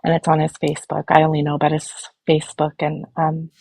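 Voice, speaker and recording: A woman's voice: sits low, monotone, quick pace, gravelly, darkish tone, husky, no room sound. A woman speaking as a guest on a live stream, worried and rambling with many fillers. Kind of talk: casual chat.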